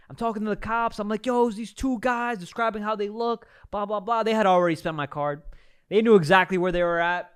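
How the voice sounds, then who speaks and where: A young host with a fairly high voice reacts to a clip. He talks in an animated, slangy way and keeps up a running commentary. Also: a little fast, smooth.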